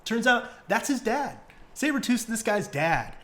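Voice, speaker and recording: A young man hosting a podcast, retelling stories in casual, excitable chat full of fillers and swearing. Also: extremely high pitch, measured pace. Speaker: podcast host.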